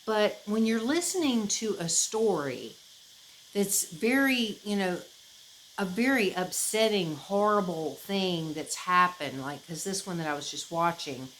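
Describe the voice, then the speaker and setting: A woman from the United States, chatting casually to camera as a vlogger, rambling and expressive, with many fillers and restarts. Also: fairly low pitch, a little slow, slight background noise, rough recording. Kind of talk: casual chat.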